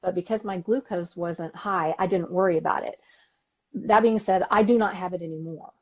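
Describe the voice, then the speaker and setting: A woman with a Texan accent, co-hosting a podcast in casual chat, talkative and quick to laugh, acting out quotes as she tells stories. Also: fairly low pitch, darkish tone, lo-fi sound. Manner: chatty, laughs often, acts out quotes. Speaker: podcast co-host. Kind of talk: casual chat on a live stream.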